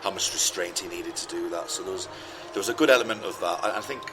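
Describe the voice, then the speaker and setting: Very deep voiced guy, thoughtful, restarts a lot, noisy place. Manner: measured, thoughtful, restarts phrases. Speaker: podcast guest. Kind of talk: casual roundtable chat.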